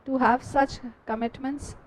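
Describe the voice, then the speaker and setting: High-pitched indian lady teacher, dictating notes slow, says every phrase twice. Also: steady tone, poor audio. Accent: Indian English.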